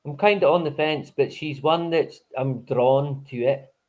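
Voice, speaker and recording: A man's voice: fairly high pitch, unhurried, a little mellow. Rambling, cursing male live-stream host. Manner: rambling, swears freely, chuckles often. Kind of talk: casual live-stream chat.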